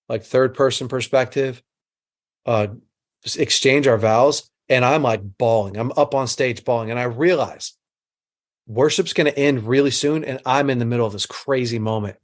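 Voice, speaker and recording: A middle-aged man giving an earnest teaching talk to a group, mixing instruction with a personal story and repeating phrases for emphasis. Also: medium pitch.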